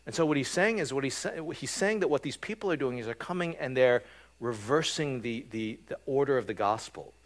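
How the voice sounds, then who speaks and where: Guy giving a chatty sermon, mid-pitched voice, lots of "right?" and "um" as he explains stuff. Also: animated, fairly quick. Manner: conversational, frequent "right?" and "um" fillers. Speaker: pastor.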